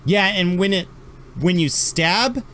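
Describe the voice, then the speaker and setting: A man's voice: sits high, slow, pushed and bright. A man narrating a tabletop game as game master, rambling through descriptions with fillers.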